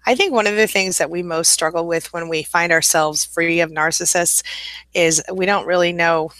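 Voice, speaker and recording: Bright-voiced chatty woman hosting a live chat. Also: lowish voice, no echo. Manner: chatty, welcoming, laughs often, calls people honey. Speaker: host. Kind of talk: live-stream chat reading viewer comments.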